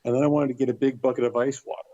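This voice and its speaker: Talking very fast at medium pitch, a middle-aged man casually tells a story as a guest on a podcast. His manner is animated, and he acts out other people's quotes in livelier voices. The recording is dry and muffled.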